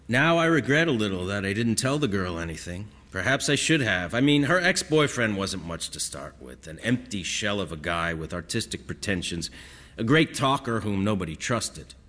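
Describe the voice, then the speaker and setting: A man narrates a first-person story in a wistful, reflective way. His voice sits fairly low, and a long reverb trails behind his words. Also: a bit bright. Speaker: audiobook narrator.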